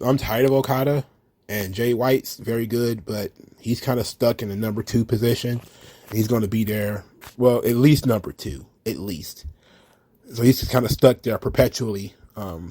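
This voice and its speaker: A man talks through wrestling news in a loose, opinionated monologue, cursing freely and hedging with ums and you-knows. His voice sits at an ordinary middle pitch. The sound is dry and close, with no room echo. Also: mellow. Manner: blunt, profane, rambling with fillers. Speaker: wrestling commentary host. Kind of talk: casual opinionated commentary.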